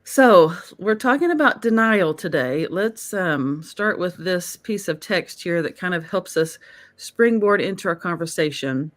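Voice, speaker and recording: A woman's voice: lowish voice, lively intonation, measured pace. A woman hosting a live-streamed talk series, speaking in an effusive, emotional way and laughing often. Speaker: host. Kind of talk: casual live-stream chat.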